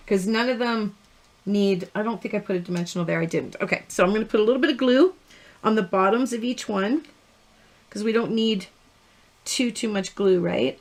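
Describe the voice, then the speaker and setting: A middle-aged woman talks her viewers through a card-making project on a live stream. She chats and rambles while she works, breaking off into anecdotes and laughing at her own stories. Her voice sits at an ordinary middle pitch. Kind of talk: live-stream crafting tutorial.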